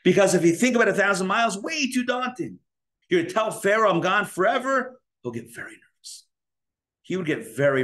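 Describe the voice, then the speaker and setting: A man's voice: sits high, a bit bright. A man, a rabbi, giving a live Torah class and acting out inner dialogues in shifting voices.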